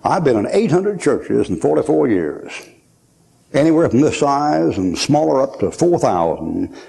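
Folksy, lively older man preaching. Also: mid-range voice, measured pace, vocal fry. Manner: folksy, joking storyteller, laughs often. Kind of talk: sermon at a conference.

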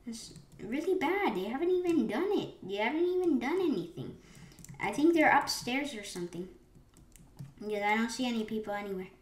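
A woman commenting live on her gameplay, excitable, with sudden gasps and rambling restarts. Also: on the high side, moderate pace. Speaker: gaming channel host. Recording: roomy echo with faint keyboard clicks.

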